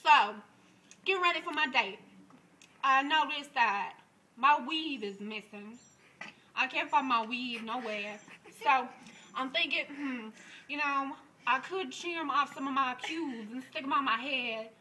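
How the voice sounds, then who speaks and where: A man voicing a brash, crude young woman who laughs through her loud improvised comic story. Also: extremely high pitch, a little slow, a little hiss or hum, full character voice, poor audio.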